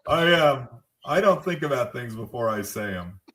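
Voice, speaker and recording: A man's voice: mid-range voice, expressive, normal speed, a bit bright. A man co-hosting a podcast, chatting casually and making fun of himself. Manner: joking, self-mocking. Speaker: podcast co-host. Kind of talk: casual chat.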